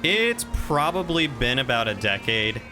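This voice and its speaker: A man's voice: mid-range voice, sing-song, measured pace, music in the background. A man from the American South streaming a game, chatting with viewers in a playful, defensive way. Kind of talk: casual gameplay chat with viewers.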